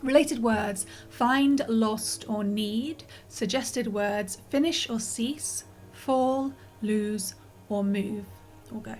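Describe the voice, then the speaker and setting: A woman's voice: a little high, very slow, few pauses, a little mellow, faint music behind. A woman streamer chatting casually over a game, rambling and apologetic, a little out of breath and yawning. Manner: rambling and apologetic, many restarts and fillers. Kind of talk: casual let's-play commentary.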